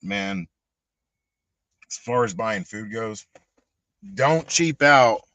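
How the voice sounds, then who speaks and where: A man, high and ranting with heavy profanity in a casual livestream about collectibles and prices. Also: lively intonation, drawn-out words, fairly bright tone, no room sound. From Texas. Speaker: collectibles channel host.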